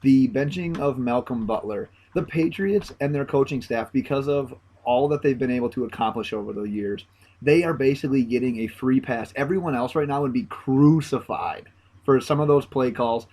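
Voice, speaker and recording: A man co-hosting a casual sports podcast, relaxed and hedging as he talks. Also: mid-range voice, moderate pace, a little hiss or hum. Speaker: podcast co-host.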